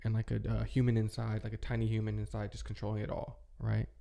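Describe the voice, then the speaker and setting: A man in his thirties hosting a relaxed monologue, rambling with lots of fillers as he reminisces nostalgically. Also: lowish voice, fast talker, gravelly. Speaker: channel host.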